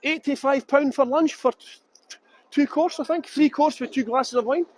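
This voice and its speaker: A man's voice: very high-pitched, normal speed, noisy background. A Scottish man leading a live walking tour outdoors, chatting casually and reading viewer comments as he goes. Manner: chatty, rambling, reads viewer comments aloud. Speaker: tour guide. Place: outdoors on a waterfront.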